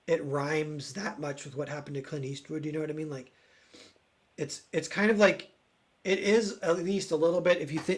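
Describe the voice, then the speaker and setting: Casual man streamer, higher pitched, rambling with many fillers. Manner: rambling, searching for words, lots of fillers; voices quoted characters loudly. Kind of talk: casual chat.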